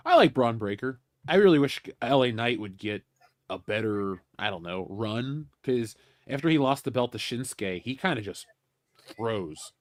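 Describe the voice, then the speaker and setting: A man co-hosting a podcast, making animated, mocking complaints in casual chat. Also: medium pitch, normal speed, dry recording. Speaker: podcast co-host.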